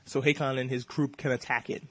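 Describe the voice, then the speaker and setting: Fast-talking, husky-voiced podcast host. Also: male voice, mid-range voice, level tone, fairly bright tone, no room sound. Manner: fast, profane, joking retelling. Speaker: podcast host reviewing a cartoon episode. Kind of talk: casual recap podcast.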